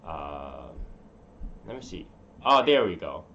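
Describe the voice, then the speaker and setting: Deep-voiced man rambling on a livestream. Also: very animated, slow, gravelly, sharp tone, lo-fi sound, slight background noise. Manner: rambling, mutters to himself while fiddling with settings. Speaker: livestream host. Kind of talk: casual live-stream chat. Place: room at home.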